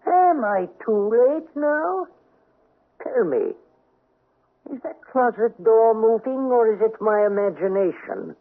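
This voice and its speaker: Jealous aristocratic husband, raspy, high voice, demanding questions, old radio drama, tinny broadcast sound. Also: male voice, sing-song, takes it slowly, full character voice. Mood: suspicious. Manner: theatrical, demanding, sharp questions. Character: suspicious, blustering aristocratic husband. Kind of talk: 1970s-80s radio drama acting.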